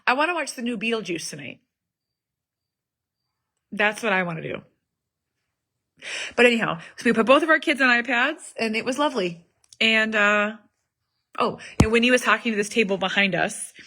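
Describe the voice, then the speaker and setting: A woman's voice: fairly high pitch, lively intonation, moderate pace, long pauses, sharp tone. Chatty rambling woman vlogger. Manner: rambling, chatty, many fillers and asides. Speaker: vlogger, mother of an autistic son. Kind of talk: casual family vlog chat. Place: home in the evening.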